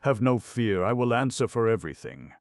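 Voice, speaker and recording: An earnest young apprentice from a storybook, eager and exclaiming, his voice raised high and loud as a male narrator puts him on. The sound is close and dry. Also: huge pitch swings, takes it slowly, vocal fry, no room sound, full character voice.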